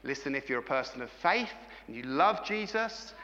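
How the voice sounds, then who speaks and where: Middle-aged man, sermon, bright voice, reverberant church hall, dull sound. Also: mid-range voice, animated, normal speed. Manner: engaging, asks the congregation frequent questions. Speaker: pastor.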